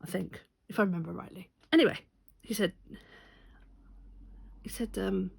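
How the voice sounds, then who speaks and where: A woman's voice: fairly low pitch, normal speed, vocal fry, darkish tone, husky, no echo. A woman telling a rambling, amused anecdote in a casual vlog, often correcting herself as she goes. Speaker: stitching vlogger.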